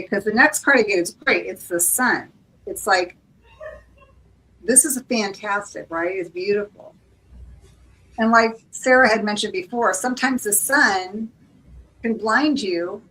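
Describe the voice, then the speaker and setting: A woman's voice: medium pitch, fairly bright tone, distant mic, rough recording. A woman giving a casual live-stream tarot reading, rambling and apologetic, with many fillers. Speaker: tarot reader, co-host.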